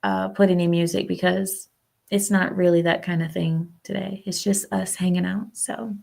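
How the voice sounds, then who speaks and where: A woman's voice: on the low side, flat delivery, normal speed, vocal fry, darkish tone. A woman hosting a livestream, chatting casually and rambling through her opinions while talking back to her viewers. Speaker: livestream host. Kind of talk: casual political chat with viewers.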